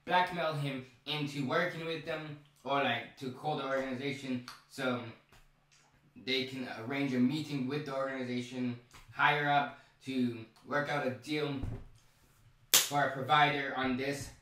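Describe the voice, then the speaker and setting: A man casually recapping a TV episode, rambling and excitable, stumbling over repeated words and restarts. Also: medium pitch, unhurried, slight background noise. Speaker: show recap vlogger. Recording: very echoey room, mic far off.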